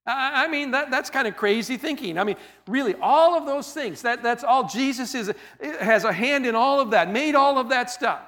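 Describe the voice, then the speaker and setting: A man's voice: extremely high pitch, animated, normal speed, a bit bright. A man preaching a sermon in a conversational style, piling up repetitions and restating his point for emphasis. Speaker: pastor.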